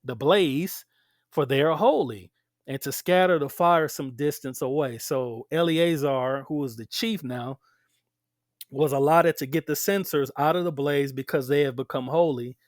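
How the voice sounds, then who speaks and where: Man, Bible teaching, emphatic asides, slightly high pitch, dry recording. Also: measured pace, no room sound. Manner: emphatic, conversational asides to listeners. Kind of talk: scripture teaching with commentary.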